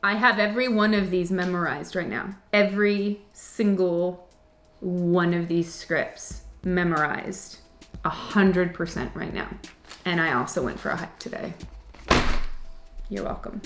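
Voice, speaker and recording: A woman's voice: lowish voice, a little slow, a bit bright, soft background music. A woman, an actress, chatting candidly with viewers and answering their comments, joking and laughing often. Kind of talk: casual chat to camera. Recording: echoey room.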